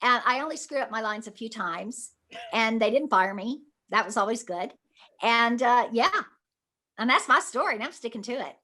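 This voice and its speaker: Actress, older, animated raconteur, high bright voice. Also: female voice, moderate pace. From Mississippi. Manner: animated storyteller, laughs often. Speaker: guest actress. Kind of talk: casual interview recollection.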